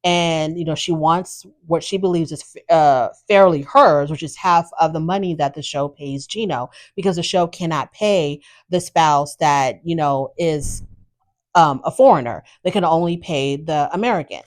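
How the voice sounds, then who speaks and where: A woman hosting a podcast, casually recapping a reality show with blunt, animated opinions and exasperated asides. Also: low voice, normal speed. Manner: animated, exasperated, talks straight to the subject.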